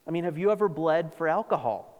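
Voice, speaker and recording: A man preaching a sermon as pastor, animated, acting out scripture with sarcastic asides. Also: a little high, fast talker. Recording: long reverb of a large hall.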